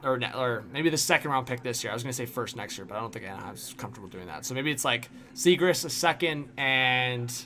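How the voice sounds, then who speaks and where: Talking fast with hardly a pause, a young hockey streamer rambles through chat replies, leaning heavily on fillers and "like." His mid-range voice is sharp-toned, with lively intonation.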